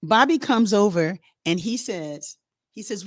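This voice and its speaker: A middle-aged woman hosting, telling a story to her online audience in a lively, chatty, rambling way. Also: mid-range voice, unhurried, dry recording, studio quality. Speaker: host.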